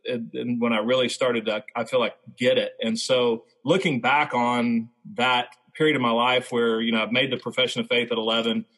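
A man, a former baseball player, telling his faith testimony as a podcast guest in a reflective, halting way. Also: mid-range voice, fairly bright tone, rough recording.

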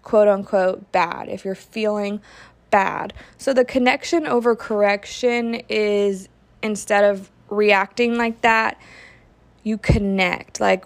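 Slow-speaking frank woman podcaster. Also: medium pitch. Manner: frank, peppered with "like", acts out quoted parent talk. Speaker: podcast host. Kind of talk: candid casual podcast monologue.

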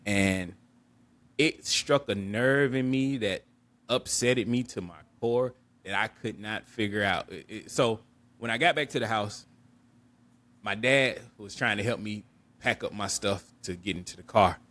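Speaking a little slowly in a lowish yet fairly bright voice, an adult podcast co-host shares a personal story with candor. He is earnest and reflective, frequently restarting and repeating words.

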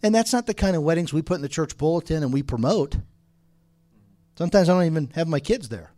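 Guy moderating a church panel, talks fast and kinda high, earnest, lots of restarts. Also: lively intonation, dark tone. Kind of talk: conference panel discussion.

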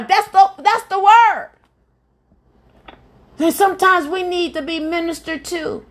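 Speaking in a very high voice, a little slowly and with frequent pauses, a woman preaches a devotional sermon on her podcast. She's fervent as an evangelist host, repeating phrases and crying out in praise.

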